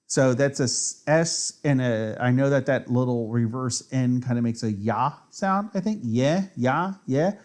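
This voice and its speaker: A man's voice: medium pitch, a little slow. A man streaming his chess games, tipsy from drinks, rambling and trash-talking with plenty of swearing and self-mockery. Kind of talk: casual live-stream commentary.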